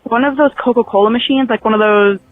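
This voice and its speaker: A man's voice: extremely high pitch, fast talker, dry recording. A man leaving a chatty voicemail, telling a story with giggles along the way, heard over a phone line. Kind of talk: voicemail message.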